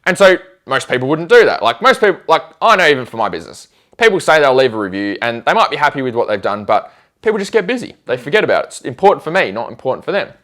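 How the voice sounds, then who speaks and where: A man telling stories in a casual chat, animated and acting out the conversations he describes. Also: medium pitch, quick pace. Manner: animated, acts out conversations in quoted voices.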